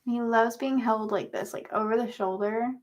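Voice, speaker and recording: A woman's voice: a little high, fairly even intonation, moderate pace. A young woman hosting a casual livestream chat, talking to her viewers and cooing at her cat. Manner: chatty, talks baby talk to her cat. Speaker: livestream host.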